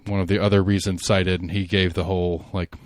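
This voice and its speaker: A man hosts a casual podcast chat. He rambles and restarts, animated, with plenty of fillers. The sound is dry and close. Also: sits low, brisk, no echo. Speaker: podcast host.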